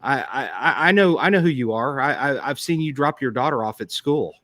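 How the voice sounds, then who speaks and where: Halting male detective host, dry sound. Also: mid-range voice, lively intonation, fairly bright tone, no echo. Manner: halting, frequent restarts while recounting. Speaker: podcast host, police detective. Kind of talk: casual interview conversation.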